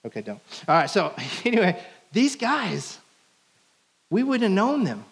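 A man's voice: high voice, huge pitch swings, a little slow, gravelly. A man preaching a sermon in a church, in a conversational, playful style that acts out the quotes. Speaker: pastor. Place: church sanctuary.

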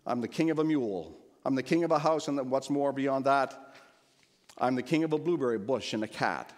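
A man's voice: medium pitch, fairly even intonation, fast talker, voice pushed up, natural voice. A man voicing a boastful male turtle king who barks orders, read aloud as a storybook in a reverberant church. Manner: shouting, bragging, imperious.

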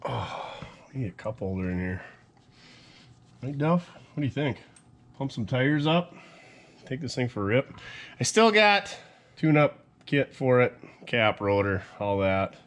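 A man hosting a truck build video, chatting casually and joking with viewers as he works. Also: sits low. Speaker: mechanic and video host.

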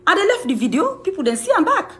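In an extremely high, sing-song voice with a fairly bright tone and quick pace, a woman with a Sierra Leonean Krio accent answers accusations to camera. She's a music manager, and her heated rebuttal is accusing, emphatic and repetitive.

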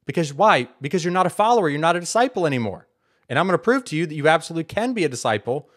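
A man's voice: a little high, big pitch swings, rapid-fire. A man hosting a Bible teaching video, arguing his point emphatically and repeating words for stress. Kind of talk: casual apologetics monologue.

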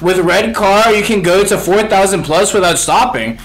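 A young man streaming a video game live, chatting excitably to viewers in slang and calling everyone bro. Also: sits high, normal speed, very noisy. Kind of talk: live gameplay commentary.

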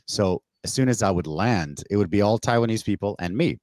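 Low-voiced Canadian man telling stories. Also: a little fast, no room sound. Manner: animated, swears, acts out quoted exchanges with rising pitch. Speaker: podcast guest. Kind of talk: casual storytelling on a remote call. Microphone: remote call mic.

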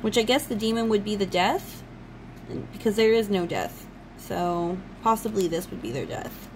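A woman's voice: mid-range voice, animated, moderate pace, slight background noise, rough recording. Gushing woman unboxing a card deck. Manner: gushing, enthusiastic fan talk. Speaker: channel host. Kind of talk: casual unboxing chat.

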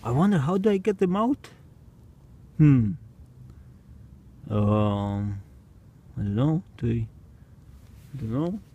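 A man with a soft, mellow tone thinks aloud slowly, filling the gaps with ums and restarts. Now and then he breaks into mooing, barking or meowing. He is outdoors at night, chatting casually to the camera. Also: medium pitch, big pitch swings, breathy edge. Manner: hesitant, wondering, with bursts of mooing, barking and meowing. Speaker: vlogger. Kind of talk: casual experiment commentary.

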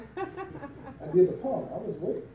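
A man preaching a sermon in a church sanctuary, building from plain teaching to impassioned shouts in a call-and-response style. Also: sits high, huge pitch swings, measured pace, crowd noise. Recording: echoey church hall, voice from far off.

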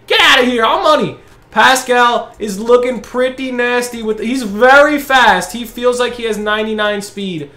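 High-voiced excitable young gamer. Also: male voice, reverberant. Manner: excitable, hypes his own plays, groans at misses. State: out of breath. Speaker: gaming channel host. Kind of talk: live gameplay commentary.

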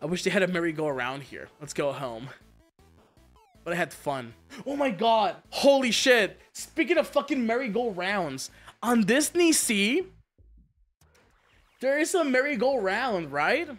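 A man streaming a game, chatting casually and telling stories, excitable and swearing a lot with frequent laughter. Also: high-pitched, a little slow, faint music behind. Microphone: streaming mic.

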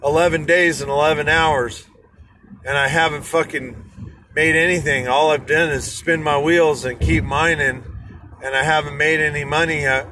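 A man's voice: on the high side, steady tone, moderate pace, noisy background, close to an everyday voice. A man voicing a broke, frustrated old-time gold miner, talking from his car. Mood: despairing. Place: car in rush hour traffic.

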